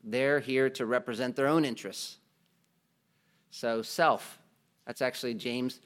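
A man's voice: medium pitch, steady tone, a little slow, fairly bright tone, smooth. A man preaching a sermon as pastor, in a conversational way, asking the congregation questions and adding joking asides.

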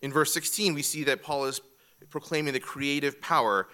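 Bright-voiced man teaching a church class. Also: fairly high pitch, steady tone, normal speed, smooth. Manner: methodical, repeats key points. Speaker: Bible teacher.

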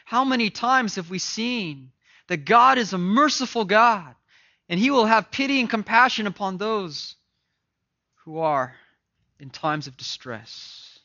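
A male preacher delivers a fervent sermon. He swings from loud, ringing emphasis to hushed, grave lines. His voice is bright and tense, and the recording sounds dull and lo-fi. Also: high voice, expressive, measured pace. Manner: impassioned, swings from loud to hushed, repeats words.

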